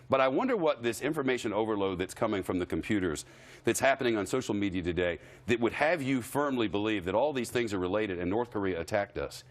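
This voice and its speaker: A man anchoring live cable news, talking in a wry, conversational way with jokey asides. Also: on the low side. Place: television studio.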